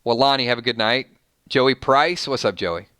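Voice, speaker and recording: A man's voice: medium pitch, moderate pace, sharp tone, clean tone, dry recording, clean studio sound. A man from Georgia with a Southern accent, hosting a casual live stream and reading out viewer names in a rambling, friendly way. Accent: Southern American. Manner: chatty, reads viewer names, rambling restarts. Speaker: streamer host.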